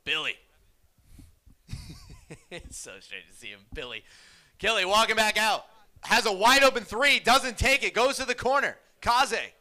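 A man calling an esports basketball game play by play, quick and excitable. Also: high voice. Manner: quick excitable calls, laughs often. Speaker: play-by-play commentator.

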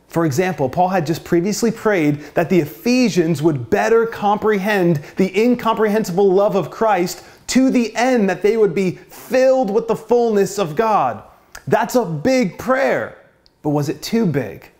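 High-voiced man giving a measured Bible exposition. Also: darkish tone. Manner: measured, deliberate teaching with rhetorical questions. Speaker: pastor. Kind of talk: short devotional Bible exposition.

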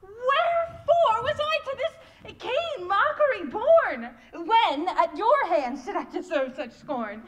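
A woman playing a very high, lovelorn young woman. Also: big pitch swings, slow, hardly any pauses, lo-fi sound, background noise, exaggerated voice. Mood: wounded. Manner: breathless, laughing through distress, theatrical. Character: lovelorn young woman Helena, desperate, wounded. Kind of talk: live stage Shakespeare acting.

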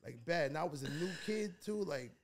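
A man's voice: a little high, animated, fairly quick. A man in his fifties from New York, a guest telling stories in a casual interview, rambling and repeating words.

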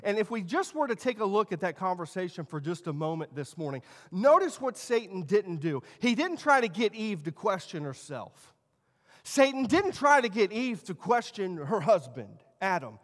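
A man in his thirties preaching a sermon as pastor, telling stories and shifting between quiet asides and loud emphasis. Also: high voice, sing-song, moderate pace. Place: church sanctuary. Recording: long church hall reverb.

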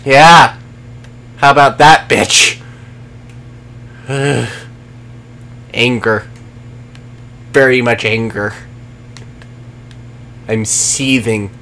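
A man's voice: mid-range voice, fairly even intonation, drawn-out words, pauses often, bright, forceful tone, a little hiss or hum. A man streaming a video game, swearing and sarcastically taunting enemies while chatting with viewers. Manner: profane, sarcastic, talks to game enemies and chat. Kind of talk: live gameplay commentary.

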